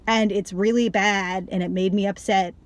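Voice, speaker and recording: A woman chatting through a film review in a loose, rambling way, peppering nearly every phrase with "like". Her pitch sits in an ordinary middle range. She sounds emotionally invested, sighing and going quiet when a scene upsets her. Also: fairly even intonation, moderate pace. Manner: rambling, heavy use of "like", trails off and restarts. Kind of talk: casual spoken film review.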